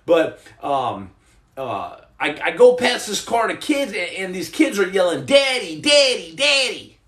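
A man's voice: sits high, sing-song, a little slow, roomy sound. A man hosting a comedic livestream, reading viewer comments and rambling through jokes with stammered restarts. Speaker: livestream host.

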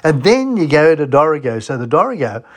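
Husky, enthusiastic Australian man. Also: a little high, sing-song, a little fast. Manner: enthusiastic, full of rhetorical questions. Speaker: radio host. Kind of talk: chatty travel radio talk.

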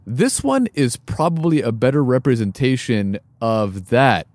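A man's voice: medium pitch, animated, unhurried, darkish tone, no echo. A man co-hosting a casual podcast, talking with many fillers and restarts. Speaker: podcast co-host. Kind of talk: casual chat.

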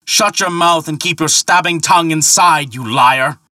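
A man's voice: medium pitch, lively intonation, normal speed, sharp tone, dry recording, studio quality, voice pushed up. A man voicing an angry, blustering thunder god who roars his lines. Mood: furious. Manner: roaring, furious.

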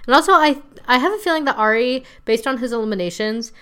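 Young woman rambling casually, lots of "like", clear smooth voice. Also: on the high side, expressive, quick pace, pushed and bright. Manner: chatty, rambling, heavy filler "like". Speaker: podcast host. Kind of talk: casual recap chat.

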